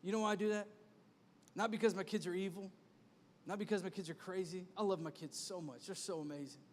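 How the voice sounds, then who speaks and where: A man in his thirties preaches in a high, animated voice, returning again and again to a repeated refrain. He talks to the congregation in a conversational way. His voice rings with the long reverb of a large church hall. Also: brisk. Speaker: pastor. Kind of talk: sermon.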